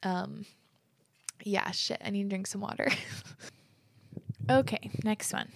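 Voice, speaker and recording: A woman's voice: mid-range voice, a little slow, vocal fry, slight background noise. A woman hosting a podcast in casual chat, gushing and emotional, tearful as she reads listener letters. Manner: gushing, emotional, says "like" a lot. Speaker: podcast host.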